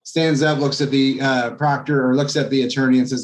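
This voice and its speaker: A man, a real estate agent, telling an anecdote as a guest in a podcast interview, in a lively storytelling manner. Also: medium pitch, a little fast. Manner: animated anecdote telling, acts out quoted voices.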